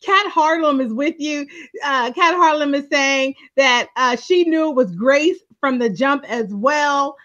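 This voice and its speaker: A woman with a very high voice, co-hosting a casual talk show about a TV drama. She is chatty and quick to laugh, and reads out comments from viewers. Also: pushed and bright, highs cut off. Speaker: show co-host. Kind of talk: casual TV recap chat.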